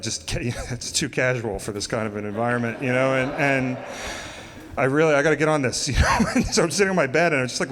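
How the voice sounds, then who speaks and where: A man's voice: mid-range voice, a bit bright, slight background noise. A man from the United States telling a live story on stage, casual and self-mocking, laughing through lines and swearing freely. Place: cultural center stage, live audience. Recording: live hall with long reverb.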